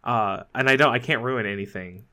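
A man co-hosting a podcast in casual chat, talking with lots of fillers and restarts and quick laughs. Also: medium pitch, pushed and bright. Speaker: podcast co-host.

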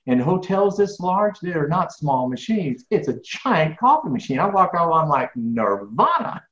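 A man who is a professional speaker, telling a lively story in a podcast interview and acting out the dialogue. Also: on the high side, normal speed. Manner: animated, acts out dialogue. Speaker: guest speaker. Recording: roomy, dull lo-fi sound.

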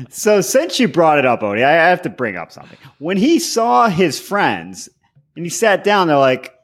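A man's voice: fairly high pitch, very animated, measured pace, a bit bright. A man co-hosting a podcast, joking in casual chat and steering the talk along. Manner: joking, keeps the show moving. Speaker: podcast co-host.

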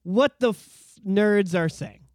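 A man co-hosting a podcast in casual chat, ranting in a profane, animated way. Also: high voice, takes it slowly, no echo, studio quality. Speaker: podcast co-host.

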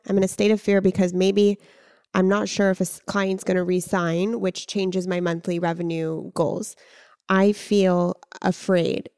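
A woman's voice: medium pitch, a little mellow, smooth, dry recording, studio quality. A woman hosting a casual interview, thinking aloud in an earnest, reflective way about her business. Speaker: podcast host and business owner.

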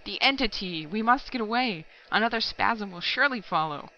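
A woman reading aloud voices an excitable male scientist who cries out in a high, urgent voice. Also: brisk, muffled recording. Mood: panicky.

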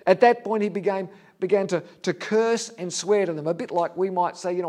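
A man preaching a sermon as a vivid story, his voice swinging between loud and hushed. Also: high-pitched, a little fast, hardly any pauses.

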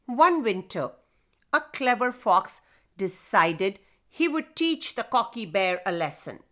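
A woman narrating a folk tale for children, slow and expressive, speaking directly to the young listeners. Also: mid-range voice. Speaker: storyteller.

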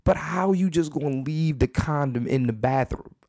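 A man voicing an exasperated young woman confronting her boyfriend, in a high, pleading yet accusing voice. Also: normal speed, gravelly, mellow, dry recording, clean studio sound. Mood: hurt, accusing.

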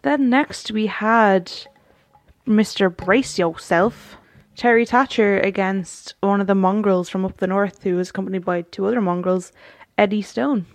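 A woman's voice: mid-range voice, a little slow, dry recording. A woman co-hosting a podcast, chatting casually about a wrestling show, laughing often and rambling through restarts. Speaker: podcast co-host.

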